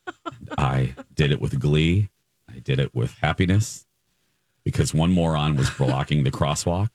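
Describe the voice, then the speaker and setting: A man's voice: very deep voice, unhurried, pauses often, darkish tone, dry recording. A man hosting a morning radio show in casual chat, telling stories with gleeful, playful exaggeration.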